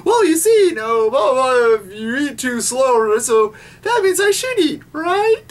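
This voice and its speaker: A vlogger putting on a ditzy, whiny teenage schoolgirl heroine, squeaking far up in a shrill, sing-song voice. The impression is mocking and overdone, like a clumsy cartoon girl. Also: sing-song, a little slow.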